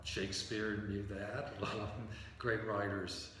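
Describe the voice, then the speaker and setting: Low-voiced man in an echoey room. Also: level tone, unhurried, sharp tone, recorded from a distance. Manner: explains with acted-out example sentences. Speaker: novelist and playwright guest. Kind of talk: conversational interview. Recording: echoey room from afar, faint hiss.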